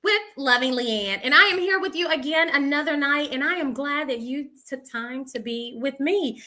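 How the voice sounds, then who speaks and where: A woman's voice: sits high, expressive, moderate pace, pushed and bright. A woman hosting a community talk show, speaking in an upbeat, emphatic and encouraging way. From United States. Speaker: host.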